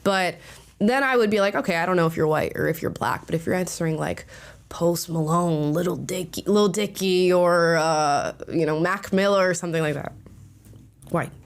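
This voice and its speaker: A woman's voice: on the low side, moderate pace, creaky. A young woman hosting a reaction video in casual, opinionated commentary, often laughing.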